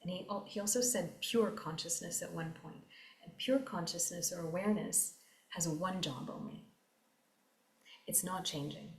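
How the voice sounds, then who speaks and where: A woman giving an earnest, reflective talk on meditation, repeating phrases and slowing down for emphasis. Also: on the low side, vocal fry, reverberant, low-quality recording. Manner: earnest, repetitive, slows down for emphasis. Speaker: meditation teacher.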